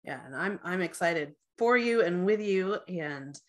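Slow-talking low-voiced woman host. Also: expressive. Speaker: podcast host. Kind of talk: casual interview chat.

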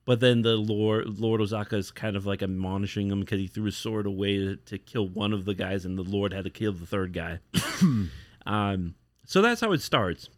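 A man's voice: fairly low pitch, moderate pace, dry recording, clean studio sound. Rambling man retelling a comic. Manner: rambling retelling with acted-out quotes. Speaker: podcast co-host. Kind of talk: casual chat.

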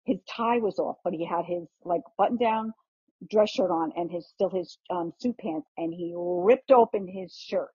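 A middle-aged woman, a guest host, telling a family story in casual chat, animated, with frequent restarts and casual swearing. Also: on the low side, moderate pace, husky, no echo. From New York. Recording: muffled lo-fi podcast audio.

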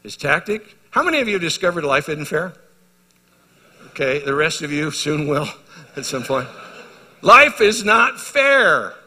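A middle-aged male pastor preaching a sermon, telling a story and moving from hushed to loud and emphatic. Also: a little high, normal speed, pauses often. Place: church hall. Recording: reverberant church hall.

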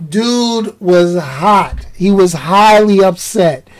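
Animated, slangy man telling a story. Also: extremely slow, low-quality recording. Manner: animated, slangy, jumps up in pitch for emphasis. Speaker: vlogger. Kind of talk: casual storytelling monologue.

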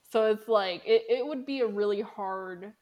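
An easygoing woman co-hosting a podcast, talking at a middle pitch in a relaxed, conversational way. She retells scenes as she thinks them through, with filler words and small restarts. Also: moderate pace. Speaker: podcast co-host. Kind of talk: casual chat.

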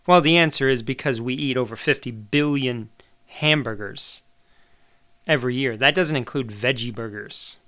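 Male podcast host, middle-aged, chatty and opinionated, smooth clear tone. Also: mid-range voice, normal speed, fairly bright tone. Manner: chatty, opinionated, swears casually. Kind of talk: casual monologue.

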